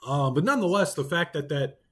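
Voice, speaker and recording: A man with an Oklahoma accent teaching a Bible study in a relaxed, conversational way, full of ums and you-knows. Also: on the high side, a little fast, breathy edge.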